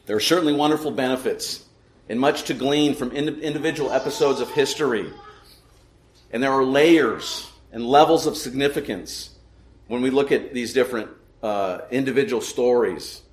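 Male pastor, mid-pitched, solemn and measured sermon delivery, roomy church echo. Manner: solemn, measured, slows for emphasis. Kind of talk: sermon with prayer and scripture reading.

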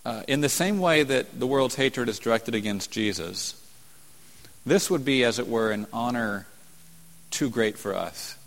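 A man's voice: medium pitch, lively intonation, a little slow, gravelly. A male preacher delivering a sermon. He explains carefully and leans on repeated words for stress. His voice carries a long reverb from a large hall.

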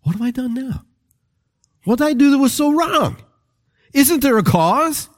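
A man acting out a young shepherd boy in a sermon, excited and boyish, his voice jumping high. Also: normal speed, gravelly, husky. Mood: indignant. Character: young male shepherd David, eager boy. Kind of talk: dramatized sermon storytelling.

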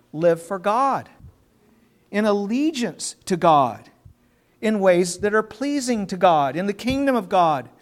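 A man preaching a sermon in an earnest, emphatic way, drawing out key words and repeating himself as he restarts. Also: high voice.

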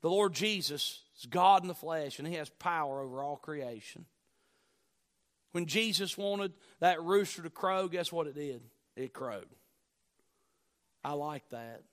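A man with a notably high voice delivers a sermon with dramatic swings, rising to forceful near-shouts and then dropping to low, quiet lines. He hammers home key phrases by repeating them. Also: a little slow, long pauses. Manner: emphatic preaching, swinging between loud declarations and low, hushed lines. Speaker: pastor.

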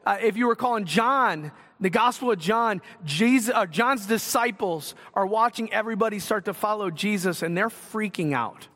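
A man's voice: extremely high pitch, a bit bright. A man preaching a sermon, earnest and conversational, asking the congregation direct questions. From Northwest Ohio. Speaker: pastor. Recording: long hall reverb.

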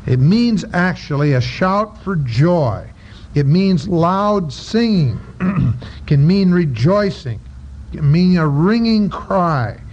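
A man preaching a Bible-study sermon, halting with many filler sounds and reading scripture aloud between explanations. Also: high voice, animated, darkish tone. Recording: dull lo-fi recording with faint noise.

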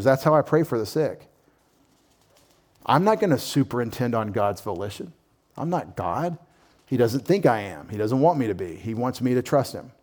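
A man preaching a sermon as pastor, with animated delivery, humorous asides and lively quoted voices. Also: medium pitch, normal speed.

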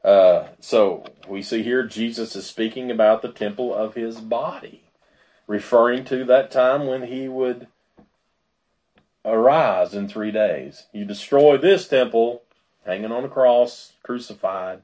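A man's voice: medium pitch, a little slow, darkish tone. A man preaching a sermon in a conversational way, with fillers and asides. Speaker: pastor.

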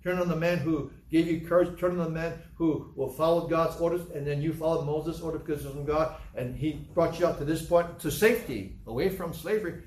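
A man's voice: fairly high pitch, moderate pace, a little mellow, reverberant, a little hiss or hum, rough recording. A man preaching a sermon in a conversational way, acting out scenes in different voices. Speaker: pastor.

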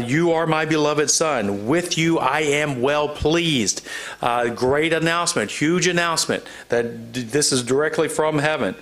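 Reading scripture verses aloud, a fairly high-pitched pastor unpacks the passage in a laid-back, conversational way, using fillers often.

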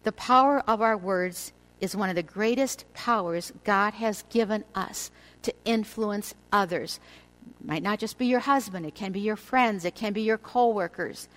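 An older woman delivers a devotional teaching to a women's audience. Her voice sits at a middle pitch, and her delivery is measured and earnest. She slows down on key words for emphasis. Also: a bit bright, poor audio.

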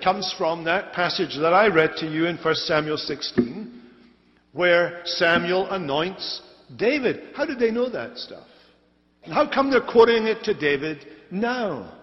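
High-voiced male preacher, emphatic, repeats phrases to drive them home; dull lo-fi tape with long church reverb. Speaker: pastor. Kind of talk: expository sermon. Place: church sanctuary.

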